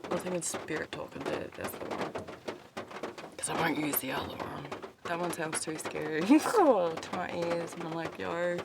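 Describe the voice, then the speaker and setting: Aussie woman vlogger, lowish voice, rambles and laughs a lot, heavy background noise. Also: moderate pace, creaky. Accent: Australian. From Australia. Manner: meandering, laughs often, swears casually. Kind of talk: rambling casual vlog. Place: inside a parked car, back seat.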